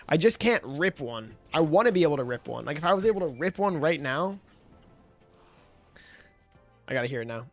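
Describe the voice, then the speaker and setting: A man livestreaming who chats casually, rambling, swearing and laughing as he talks. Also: fairly high pitch. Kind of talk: casual stream chat.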